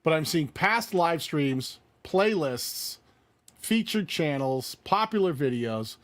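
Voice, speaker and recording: Lively, sing-song male game-show co-host. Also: a little high, slow, no echo. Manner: lively, playful, thinks aloud while reading. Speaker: co-host of a live-stream channel review game show. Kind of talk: casual live-stream banter and channel critique.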